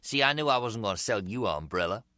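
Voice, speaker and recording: Man voicing a smooth-talking middle-aged street hustler, slangy and teasing, bright lively voice, for an audiobook. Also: on the low side, fast talker, no room sound, clean studio sound. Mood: chatty. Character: slick streetwise male umbrella hustler, middle-aged, easygoing.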